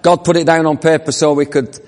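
Man, preacher, fairly high voice, storytelling sermon, long hall reverb. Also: level tone, fairly quick. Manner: storytelling, asks the congregation questions.

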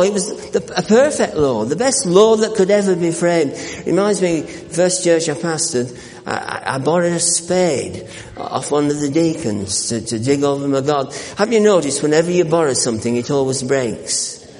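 Male pastor, earnest sermon, slightly high voice, long church-hall reverb. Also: animated, darkish tone. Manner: earnest preaching with repeated words and restarts, slowing for scripture.

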